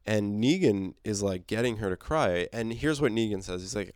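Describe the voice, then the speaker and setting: A man's voice: lowish voice, animated, moderate pace, darkish tone, clear, resonant tone, dry recording, clean studio sound. Casual man recapping a comic. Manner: rambling, many fillers, laughs, swears. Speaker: comic book reviewer.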